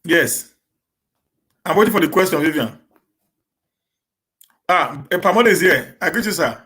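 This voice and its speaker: A man with a Nigerian accent chatting casually to his live-stream viewers, talking quickly and often repeating and restarting words as he mixes in pidgin. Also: a little high, expressive, sharp tone. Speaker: live-stream host answering viewer questions.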